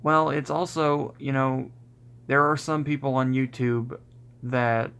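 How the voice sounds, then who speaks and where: Gravelly-voiced man rambling on a livestream. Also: mid-range voice, little pitch movement, slow, a bit bright. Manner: rambling, self-interrupting, often breaking into laughter. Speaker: YouTube channel host on a livestream. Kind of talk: casual rambling livestream chat.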